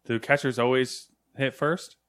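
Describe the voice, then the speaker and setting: A man's voice: mid-range voice, fairly even intonation, a little slow, a bit bright, smooth, no echo. A man with a mid-range voice co-hosts a casual podcast chat. He mostly listens, drops in short replies, and now and then asks a question. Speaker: podcast co-host.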